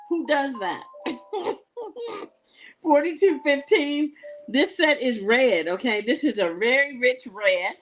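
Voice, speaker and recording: A woman's voice: high voice, rough recording. A middle-aged woman hosting a live jewelry sales show, talking in a chatty, colloquial way and telling stories with frequent laughter. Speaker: shopping show host.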